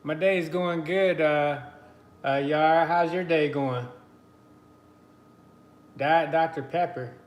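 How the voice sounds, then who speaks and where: A man's voice: a little high, steady tone, slow pace, long pauses, echoey room. Chatty man hosting a live stream. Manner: chatty, greets viewers by name, laughs easily. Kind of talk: casual live stream chat. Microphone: computer mic on a live stream.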